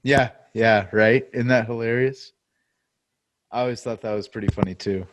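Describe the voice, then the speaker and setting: A man's voice: mid-range voice, steady tone, normal speed, background noise. A man co-hosting a casual movie podcast, mostly giving brief agreeing replies. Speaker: podcast co-host.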